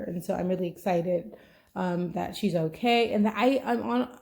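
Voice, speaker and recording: A woman's voice: fairly low pitch, fairly even intonation, a little fast, vocal fry, a little mellow, a little hiss or hum. A young adult woman hosting a podcast, chatting casually in a rambling way, full of "like" and "you know". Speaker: podcast host. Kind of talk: casual chat.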